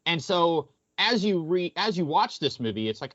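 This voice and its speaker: A man's voice: on the high side, sing-song, moderate pace, a bit bright, no echo. A man co-hosting a podcast, chatting casually about a film and rambling with restarts as he plays it by ear. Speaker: podcast co-host. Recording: dull lo-fi dry sound.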